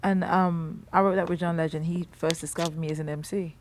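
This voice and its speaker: A British woman in her thirties, a singer and rapper talking casually as a guest, who gets loud and animated when something strikes her. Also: lowish voice, fairly quick, slight background noise. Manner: animated, exclaims loudly when amused or indignant. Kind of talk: casual interview chat.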